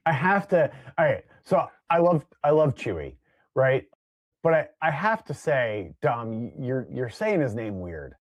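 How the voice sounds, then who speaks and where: A man's voice: mid-range voice, very animated, a little slow, no room sound. A man co-hosting a podcast, teasing his partner in a wry manner. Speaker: podcast co-host. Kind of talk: casual podcast banter.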